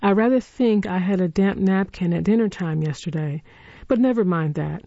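A woman voicing a kind-hearted old gentleman in a storybook reading, gruff and throat-clearing. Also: mid-range voice, normal speed, no room sound, highs cut off, lightly acted. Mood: gruff, tender.

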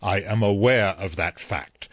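A dry, authoritative elderly judge, measured and precise, as a male narrator voices him in a low register. The delivery is cool and deliberate, and the recording is dry and slightly muffled. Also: fairly bright tone, dry recording.

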